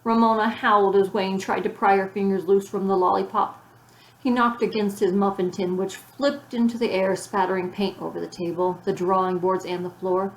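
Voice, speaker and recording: A woman calmly narrating a children's storybook, recorded with a roomy echo. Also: medium pitch, moderate pace. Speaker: audiobook reader.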